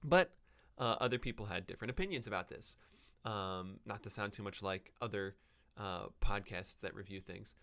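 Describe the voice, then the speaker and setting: Man, podcast host, unscripted casual chat, rambling with ums, slightly low voice, crisp tone. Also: normal speed, a bit bright. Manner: rambling, with many ums and self-corrections. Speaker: podcast host reviewing books.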